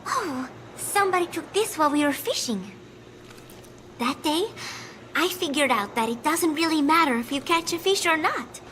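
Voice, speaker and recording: A gentle young game heroine. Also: female voice, sits high, animated, moderate pace, a little hiss or hum, poor audio. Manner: soft, gentle and earnest. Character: gentle young woman, soft-spoken and kind. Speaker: game character. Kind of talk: video game voice acting.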